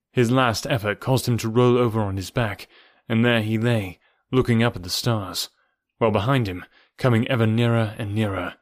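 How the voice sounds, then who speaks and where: A man narrates a novel in a measured, somber manner, with a voice that sits low in pitch. The recording is dry and close, with no room sound at all. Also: no echo. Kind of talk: audiobook narration.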